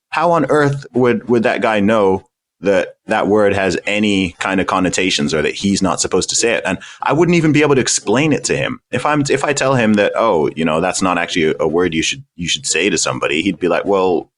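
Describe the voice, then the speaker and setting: A man with a British accent, a guest on a podcast interview, answering bluntly and emphatically and repeating words as he stresses his points. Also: low voice. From United Kingdom. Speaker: guest, independent rapper.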